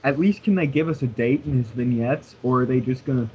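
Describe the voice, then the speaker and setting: A man's voice: mid-range voice, brisk, darkish tone, muffled recording, a little hiss or hum. A man co-hosting a podcast, sarcastic and rambling in casual chat. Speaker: podcast co-host.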